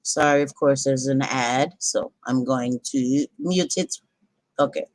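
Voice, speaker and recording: A woman's voice: rumbling low, takes it slowly, no room sound. A woman hosting a casual livestream, chatty and apologetic, often breaking off to apologize to her viewers. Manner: chatty, apologetic, easily interrupted. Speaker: livestream host. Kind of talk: casual live commentary.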